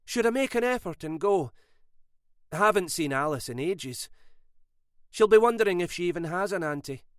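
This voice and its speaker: A woman's voice: fairly low pitch, expressive, moderate pace, dry recording, clean studio sound, pitched above the performer's own voice, close to an everyday voice. A man voicing a fragile, frightened young wife who pleads and panics. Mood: fretful.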